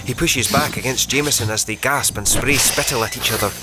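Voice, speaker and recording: A man reading a novel aloud as narrator in a measured, vivid storytelling manner. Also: medium pitch, very noisy. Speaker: audiobook narrator. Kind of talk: scripted narration.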